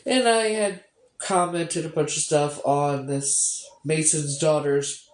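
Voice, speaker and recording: A woman talks slowly and unhurriedly on a phone livestream, full of sarcasm and curses. Her voice sits in a roomy, echoing space. Casual chat with her viewers. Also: deep voice, fairly even intonation. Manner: sarcastic, heavy swearing. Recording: roomy echo.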